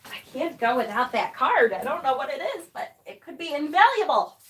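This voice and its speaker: A woman's voice: high voice, sing-song, fairly quick, a bit bright, a little hiss or hum. A woman from Rochester, New York, giving casual live tarot readings, chatty and affectionate as she answers viewers' comments. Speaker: tarot reader and channel host.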